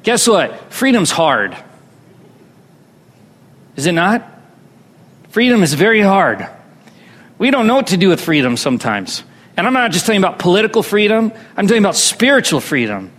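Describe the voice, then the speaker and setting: A man's voice: sits high, sing-song, normal speed, long pauses, fairly bright tone. A man preaching a sermon as pastor, drawing his congregation into call-and-response. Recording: long reverb hall.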